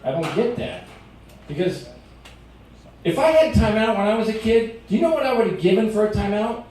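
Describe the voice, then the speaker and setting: A middle-aged man doing a stand-up comedy set in a restaurant, telling stories in an animated way and acting out shouted quotes. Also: high-pitched, brisk. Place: restaurant performance space. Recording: very echoey room recorded from a distance.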